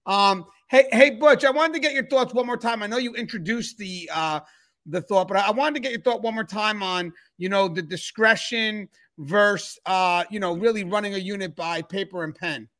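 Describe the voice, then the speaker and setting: Male host, high voice, upbeat, chatty, greeting viewers. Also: normal speed, pushed and bright. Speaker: show host. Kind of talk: live-stream hosting chat.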